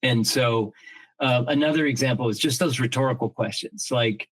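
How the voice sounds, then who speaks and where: Speaking at normal speed in a mid-range voice, this middle-aged co-host muses aloud during a casual podcast chat captured on a rough recording. He comes across earnest and reflective, restarting many sentences and swearing casually once in a while.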